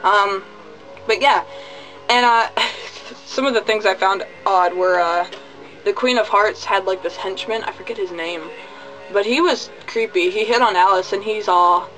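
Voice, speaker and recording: A man's voice: high voice, a little slow, pushed and bright, soft background music, rough recording. A man giving a casual spoken movie review, chatty, goofy and full of profanity. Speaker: video reviewer.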